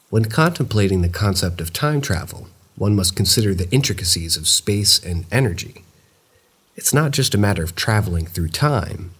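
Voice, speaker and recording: Low, husky male narrator for scripted horror reads, measured and steady. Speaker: narrator of viewer-submitted stories.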